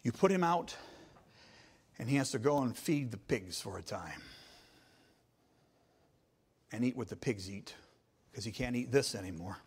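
A male pastor preaching a sermon, emphatic, repeating his points and building to loud climaxes. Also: mid-range voice, expressive, moderate pace, husky.

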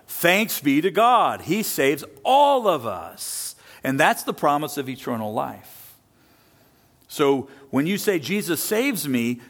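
A male pastor delivers a sermon in an animated voice that rises and falls widely. He presses his points with rhetorical questions and answers them himself. His voice sits a little above the usual male pitch. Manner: emphatic preaching with rhetorical questions; animated, rising and falling delivery.

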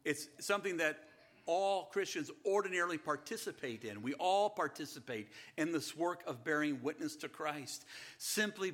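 A middle-aged pastor preaching an earnest sermon and asking the congregation rhetorical questions. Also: male voice, high-pitched, sharp tone.

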